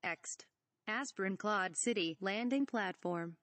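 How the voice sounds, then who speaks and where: A woman's voice: mid-range voice, unhurried, a bit bright, no room sound. A woman reading a parody script aloud, stage directions and all, saying "asterisk" for the bleeped words. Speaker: reader.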